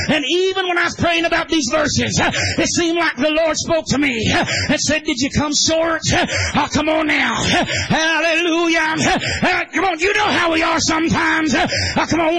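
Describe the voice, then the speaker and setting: Man preaching a revival, very high voice, bright and forceful, shouting, chanted rhythm with "uh, amen" after each phrase. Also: slight background noise. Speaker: evangelist preacher. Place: church service.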